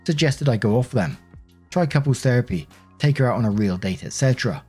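A man reading a first-person story aloud in a steady narrating voice. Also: medium pitch, fairly quick, slightly rough, soft background music. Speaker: narrator of online stories.

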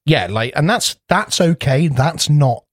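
A man's voice: on the high side, expressive, measured pace, dry recording. Male podcast co-host, sweary storyteller, dry close mic. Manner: swears freely, acts out kids' voices in rambling anecdotes. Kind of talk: casual chat.

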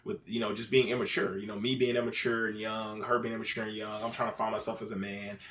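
A man's voice: on the low side, flat delivery, fast talker, a bit bright. A man in casual, candid chat, full of fillers and swearing freely. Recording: roomy echo.

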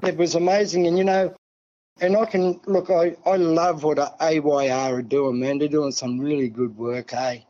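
Older Aussie bloke, fairly high-pitched, folksy rambler, muffled lo-fi line. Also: male voice, steady tone, normal speed, mellow. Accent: Australian. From Australia. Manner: rambling, folksy, peppers talk with "see" and "mate". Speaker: guest. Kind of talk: casual storytelling.

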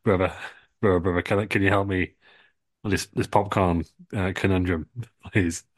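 A man's voice: deep voice, fairly even intonation, normal speed, no room sound. A man doing an offhand impression of a laid-back male wrestling legend, drawling and tacking on a word of address. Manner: drawling, keeps saying brother.

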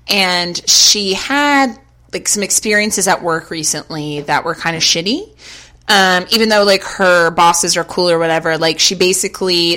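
A woman in her late twenties or thirties co-hosts a casual podcast with a bright, forceful voice. She talks in a chatty, animated way, swears freely and slips into little acted-out quotes. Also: lowish voice. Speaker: podcast co-host.

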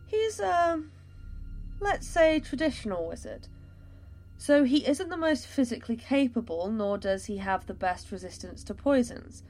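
A woman's voice: on the high side, big pitch swings, a little slow, darkish tone, faint music behind, voice pushed up. A woman voicing a wary young male elf noble in disguise, with a hesitant, drawling way of talking. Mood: nervous.

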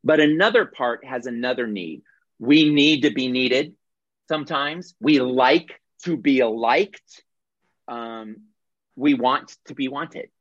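A man's voice: mid-range voice, slow pace, fairly bright tone, dry recording. Man teaching over a muffled video call. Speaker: workshop leader. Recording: dull dry video-call audio.

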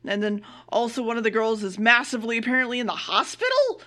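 Give me a woman with a bright voice giving a blunt, deadpan recap of an anime. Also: on the high side, fast talker. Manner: blunt, swears freely, deadpan summaries. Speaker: podcast co-host. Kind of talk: casual comedic anime recap.

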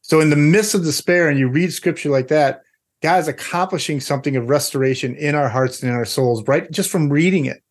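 A man's voice: a little high, a little fast. A man co-hosting a podcast, speaking earnestly about faith and scripture. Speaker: podcast co-host. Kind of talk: casual faith talk.

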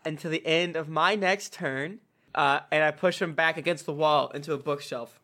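A player at a tabletop game session describes their character's attacks with a grin. The voice is mid-pitched and bright, with a forceful edge. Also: normal speed. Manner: joking, acts out own character's lines.

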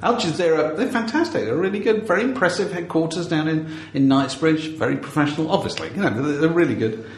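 A man's voice: a little high, quick pace, hardly any pauses, roomy sound. A man hosting a podcast, chatting casually and telling wry stories with frequent laughs. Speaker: podcast host. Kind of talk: casual chat.

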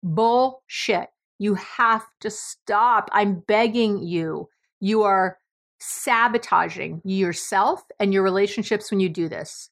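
Speaking slowly in a mid-range voice, a middle-aged woman from New York, with the accent to match, runs her podcast as a blunt, emphatic monologue full of casual swearing.

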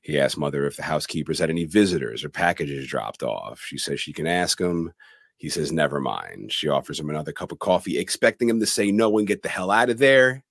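A man's voice: low-pitched, fairly quick, fairly bright tone, no room sound, studio quality. A man co-hosting a podcast, recapping a horror film scene by scene in a casual way. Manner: retells scenes plainly, acts out quoted lines. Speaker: podcast co-host.

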